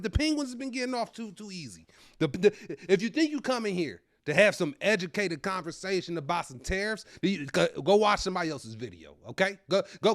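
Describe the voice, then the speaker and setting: A man in his thirties, a comedian hosting his own show, ranting loudly to camera at home into his own microphone. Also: fairly high pitch, no echo, studio quality. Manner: animated, loud and ranting. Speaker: comedian host.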